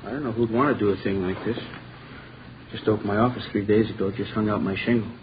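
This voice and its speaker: A man's voice: fairly low pitch, steady tone, fast talker, dull audio, noisy background, lightly acted. A man playing a young lawyer who answers politely and deferentially in an old radio drama. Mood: upset. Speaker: new lawyer.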